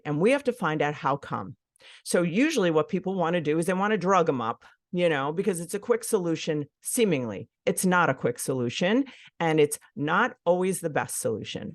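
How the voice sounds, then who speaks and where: A woman's voice: sits low, dry recording, studio quality. A middle-aged woman hosting a solo podcast, speaking frankly and swearing casually. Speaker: podcast host.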